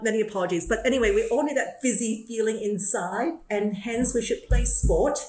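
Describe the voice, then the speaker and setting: An Australian woman hosting a podcast, explaining ideas in a lively, casual way with frequent laughs. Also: medium pitch. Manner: lively, laughs often, self-deprecating. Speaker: podcast host. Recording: roomy echoey room.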